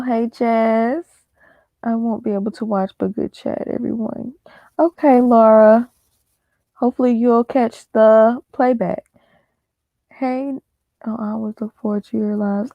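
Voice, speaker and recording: A woman's voice: a little high, steady tone, a little slow, long pauses, dry recording, lo-fi sound. A woman hosting a casual live stream, congested from allergies, chatting and greeting viewers by name one after another.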